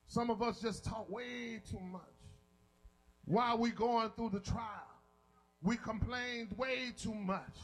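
A man preaching a sermon with call and response, shouting and half-singing at the peaks, telling folksy stories in plain, colloquial talk. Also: very high-pitched, slow, rough recording.

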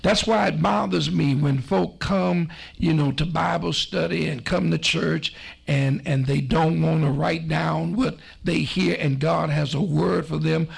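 A man preaching a sermon, slow and emphatic, with repetitions and a folksy storytelling manner. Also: on the high side, fairly even intonation, gravelly, slightly rough. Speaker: pastor.

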